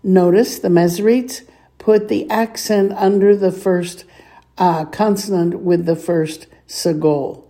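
A woman's voice: on the low side, steady tone, mellow. A woman teaching a reading lesson, patiently sounding out words and asking the listener to repeat them. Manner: patient, clears throat often, sounds words out slowly. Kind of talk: slow reading lesson with repeat-after-me drills.

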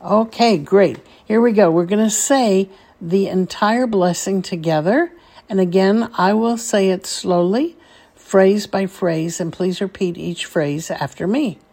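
A woman's voice: medium pitch, measured pace, dark tone. A woman teaching a Hebrew blessing phrase by phrase, patiently asking listeners to repeat after her. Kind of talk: slow call-and-repeat instruction.

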